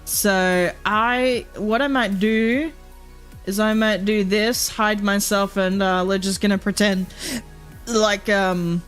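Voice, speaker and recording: A woman's voice: medium pitch, fairly even intonation, takes it slowly, faint music behind. A woman streamer chatting casually, laughing often, swearing, and mimicking characters as she tells stories. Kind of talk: casual live-stream chat.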